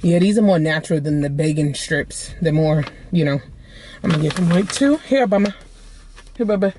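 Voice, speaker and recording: A woman's voice: sits low, a little fast, warm tone, slight background noise. A woman vlogging casually from her car into a phone, chatty and rambling, calling her viewers y'all. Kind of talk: casual vlog chat.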